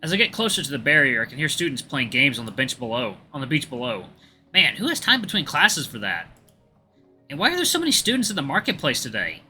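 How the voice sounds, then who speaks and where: A man's voice: mid-range voice, huge pitch swings, fast talker, bright, forceful tone, faint music behind. A man reading a visual novel aloud as a let's play host, with chatty asides to viewers.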